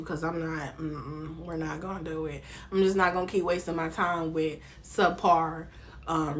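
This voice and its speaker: A young woman with a Southern American accent, giving casual vlog commentary on reality TV in a lively, slangy way and talking straight to the viewer. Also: on the low side, a little hiss or hum.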